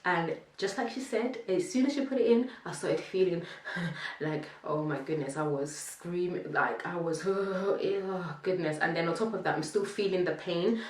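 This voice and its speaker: A young woman telling a lively, casual storytime, acting out what people said and laughing now and then. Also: on the low side, moderate pace, echoey room, distant mic. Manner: animated, acts out quotes, laughs between lines. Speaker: vlogger telling her birth story.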